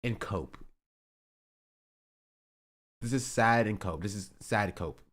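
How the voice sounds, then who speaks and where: A man's voice: on the low side, takes it slowly, a bit bright. A male streamer in casual chat, reacting to online drama in a rambling, exasperated way with many filler words.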